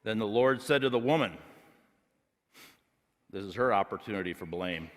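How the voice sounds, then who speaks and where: Pastor preaching in a reverberant hall. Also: male voice, on the low side, lively intonation, normal speed. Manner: storytelling, building to loud emphatic preaching. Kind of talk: sermon. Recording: long reverb of a large hall.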